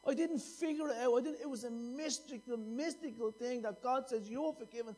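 Impassioned preacher, high voice. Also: male voice, fairly quick, a little mellow, slightly rough. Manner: impassioned, repeats phrases for emphasis. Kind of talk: sermon.

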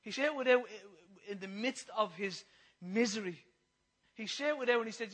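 A man preaching a sermon, impassioned and repetitive, moving between loud passages and hushed ones. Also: very high voice, normal speed, rough recording.

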